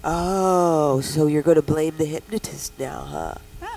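A woman's voice: sits low, a little slow, a little mellow, rough recording. A woman hosting a talk show, talking in a playful, bawdy, teasing way with callers. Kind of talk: casual radio show chat.

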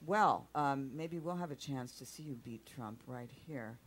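A woman's voice: rumbling low, measured pace, a little hiss or hum. A middle-aged woman hosting a studio talk show, chatty and rambling, often repeating herself. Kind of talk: casual chat show hosting. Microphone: studio mic with headphones.

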